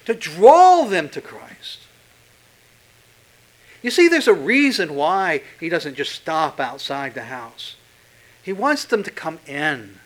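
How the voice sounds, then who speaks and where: A man preaching a sermon, pressing hard on key words and dropping to a hush when quoting Scripture. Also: on the high side, sing-song, slow pace, long pauses, rough recording. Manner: emphatic, swinging from loud stresses to hushed quotes. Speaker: pastor.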